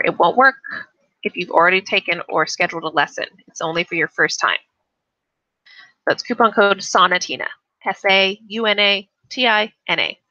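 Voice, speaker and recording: A woman's voice: medium pitch, bright, forceful tone, no room sound, dull audio. A woman teaching English on a casual live stream, chatting and reading the chat aloud, often restarting her sentences.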